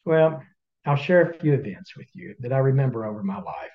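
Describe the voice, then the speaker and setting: A man's voice: medium pitch, big pitch swings, fairly quick, muffled recording. A man with a Southern US accent, a podcast co-host telling a folksy story to listeners in a drawling, chatty way with teasing asides. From Southern United States.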